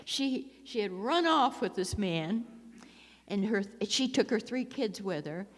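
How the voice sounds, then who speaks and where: A woman's voice: medium pitch, lively intonation, a little slow. A woman giving a personal talk at a recovery meeting, telling rambling stories with frequent laughs and restarts. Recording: long hall reverb.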